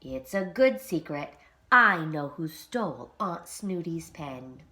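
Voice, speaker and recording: A woman's voice: deep voice, expressive, slow pace, bright, forceful tone, heavily acted. A woman voicing a young boy church mouse in a storybook, in a raised, eager, pleading voice.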